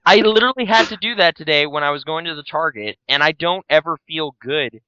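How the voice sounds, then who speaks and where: A man's voice: a little high, fairly quick, bright, forceful tone, smooth, no echo. Rambling grouchy podcast man, dry sound. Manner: rambling, grumbling, mock-grouchy quoting. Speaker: podcast co-host. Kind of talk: casual chat. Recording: slightly dull dry sound.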